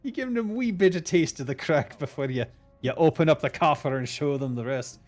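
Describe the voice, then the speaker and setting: A man putting on a sly Irish-accented crack dealer in a high, lilting brogue. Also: a little fast, darkish tone, soft background music, lightly acted. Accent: Irish (put on).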